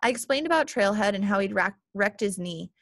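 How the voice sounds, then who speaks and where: A woman narrating an audiobook in measured first-person storytelling. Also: mid-range voice, lively intonation, a bit bright, no room sound, studio quality. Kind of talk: audiobook reading.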